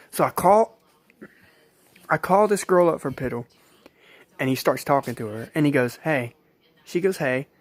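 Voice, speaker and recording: A man's voice: mid-range voice, dry recording. A man vlogging, telling a personal story in a rambling, repetitive way and acting out what others said. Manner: rambling, repetitive retelling with acted-out quotes. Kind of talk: casual storytelling.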